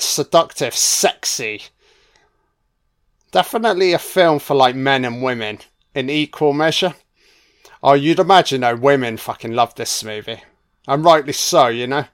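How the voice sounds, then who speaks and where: A man's voice: medium pitch, lively intonation, normal speed. A man giving a casual, crude audio commentary while watching a film. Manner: crude, chatty, sweary.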